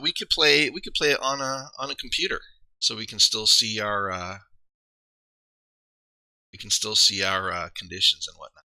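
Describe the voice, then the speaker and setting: A man's voice: fairly low pitch, normal speed, long pauses, bright, forceful tone, no room sound. A man chatting casually on a livestream, rambling and thinking aloud with many fillers and restarts. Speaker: streamer and league player.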